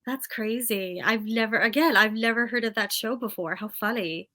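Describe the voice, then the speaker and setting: A young woman co-hosting a podcast, chatty and quick to react in casual conversation. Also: fairly high pitch, pushed and bright. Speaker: podcast co-host. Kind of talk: casual chat.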